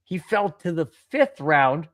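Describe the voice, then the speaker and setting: A man's voice: fairly high pitch, big pitch swings, slow pace, fairly bright tone. A man in his sixties co-hosting a sports podcast, chatty and prone to loose, wandering questions. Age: 60s. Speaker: podcast co-host. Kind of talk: casual sports podcast chat.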